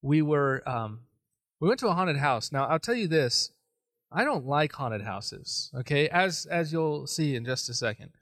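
A man preaching a sermon, telling a personal story in an animated, self-deprecating way. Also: fairly high pitch, unhurried, dry recording. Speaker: pastor.

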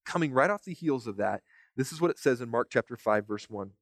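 A man teaching from the Bible in a relaxed, conversational way, reading passages aloud and stopping to comment on them, often repeating a word as he starts a phrase. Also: medium pitch, fairly quick, no echo. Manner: casual, repeats words when starting phrases; reads scripture aloud between comments. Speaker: preacher.

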